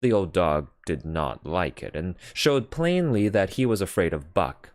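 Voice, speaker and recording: A man reading a classic novel aloud as an audiobook narrator, in a measured, expressive way. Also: deep voice, no room sound, clean studio sound. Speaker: audiobook reader. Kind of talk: unhurried literary narration.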